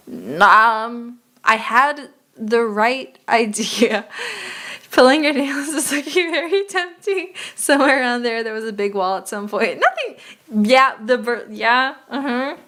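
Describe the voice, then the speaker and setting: A woman's voice: a little high, sharp tone. A young woman streaming a geography game, chatting casually and muttering profanely in exasperation as she plays.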